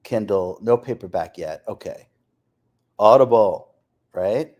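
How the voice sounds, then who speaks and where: Speaking slowly in a lowish voice, a man hosts a live stream, casually chatting and reading viewer comments aloud. Lively, he reads off places and names and laughs often.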